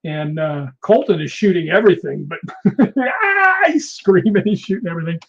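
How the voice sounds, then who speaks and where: A man's voice: sits high, normal speed. A man guesting on an interview show, telling film set stories in a casual way and laughing often. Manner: animated storyteller, laughs often. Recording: dull lo-fi sound.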